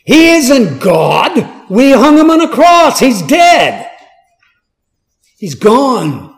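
A preacher playing a zealous, angry man who persecutes believers, speaking with scorn and slow emphasis. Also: very high-pitched, huge pitch swings, long reverb tail, voice pushed up, exaggerated voice. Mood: scornful.

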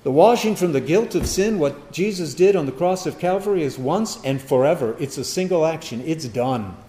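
A man preaching a sermon, firing rhetorical questions and swinging from loud emphasis to quiet asides. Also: on the high side, lively intonation, moderate pace.

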